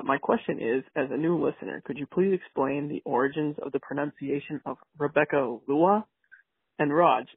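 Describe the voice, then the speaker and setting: Husky man on a tinny phone line. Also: mid-range voice, no echo. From United States. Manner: polite, earnest, lightly joking. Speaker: caller. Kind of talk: recorded voicemail question. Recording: tinny phone voicemail, dry.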